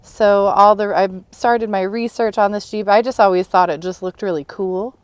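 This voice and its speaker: A woman co-hosting a car restoration video, chatting casually, excited and laughing often. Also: mid-range voice, moderate pace, clean tone, no room sound. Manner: bubbly and excited, laughs often, rambling explanations. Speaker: co-host and producer of a car restoration channel. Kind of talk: casual on-camera chat.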